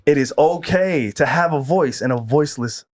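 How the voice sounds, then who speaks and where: A young American man co-hosting a podcast in a loose, laid-back way, laughing easily and cursing without a second thought. His voice sits a little high for a man. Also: expressive, moderate pace. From United States. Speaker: podcast co-host. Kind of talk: casual podcast chat.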